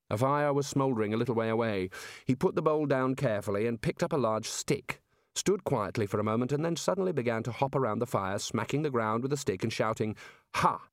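A man narrating a comic fantasy audiobook with a dry, measured comic delivery. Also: medium pitch, no room sound. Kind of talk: scripted narration.

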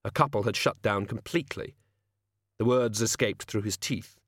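A man narrating an audiobook with wry, expressive storytelling, recorded on a close studio mic. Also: fairly low pitch, moderate pace, slightly rough, no room sound.

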